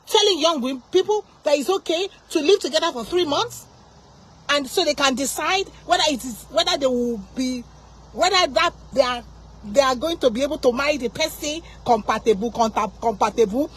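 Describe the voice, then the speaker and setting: A woman's voice: sits high, brisk, low-quality recording. A woman hosting a faith channel, speaking in a fired-up, emphatic, preachy way with many restarts. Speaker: Christian channel host. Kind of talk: passionate faith talk to camera.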